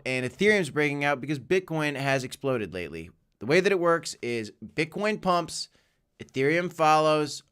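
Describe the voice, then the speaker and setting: Upbeat and joking, a man runs a live crypto stream from his home office, reacting to viewer chat and the market with chatty asides. He has a clear, resonant voice that's on the high side and fairly bright.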